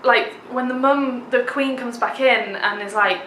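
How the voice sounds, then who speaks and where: Young woman vlogger raving about a show, bright voice, lots of likes, roomy echo. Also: on the high side, measured pace, slight background noise. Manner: gushing, enthusiastic, many filler "like"s. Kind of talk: casual theatre review vlog.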